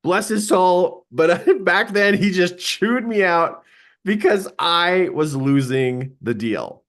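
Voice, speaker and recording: A man giving a live seminar talk, telling a personal story in an animated way, laughing often and acting out quoted lines. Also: high-pitched, slow pace.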